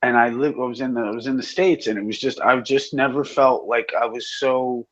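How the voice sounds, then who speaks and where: A man's voice: mid-range voice, fairly even intonation, fairly quick, a bit bright. A man in a casual chat who rambles and swears a lot, with many fillers. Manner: profane, rambling, filler-heavy. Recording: dull lo-fi audio.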